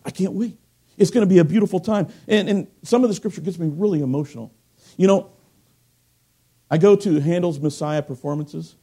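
A middle-aged man preaching a sermon, swinging from loud emphatic bursts to quiet, soft asides. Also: high-pitched, a little fast, breathy edge.

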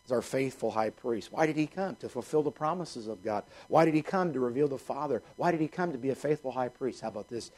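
A man's voice: medium pitch, fairly quick, a little mellow. A male pastor preaching a sermon, reading scripture and repeating points with rhetorical questions.

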